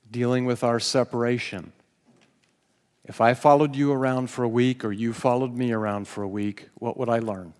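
A male pastor preaching a sermon, telling stories with self-deprecating humor and laughing now and then. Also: mid-range voice. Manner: storytelling, self-deprecating, laughs while speaking. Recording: long hall reverb.

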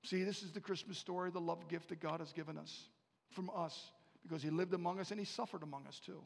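A man preaching a sermon, swinging from hushed lines to loud, rising climaxes and repeating phrases for emphasis. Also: a little high, steady tone, quick pace, gravelly. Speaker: pastor. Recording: long reverb in a hall.

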